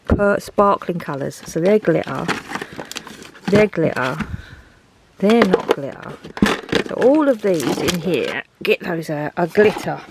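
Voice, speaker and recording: A woman's voice: fairly low pitch, vocal fry, heavy background noise. A woman chatting casually in a home craft vlog, rambling and thinking aloud as she sorts through her things. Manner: rambling, thinks aloud, talks to herself while sorting. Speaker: craft vlogger. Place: home craft room, indoors.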